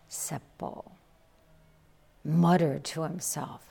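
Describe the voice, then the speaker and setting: A woman Zen teacher giving a dharma talk, telling a story slowly and reflectively and acting out the quotes. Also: deep voice, fairly even intonation, gravelly, warm tone, husky.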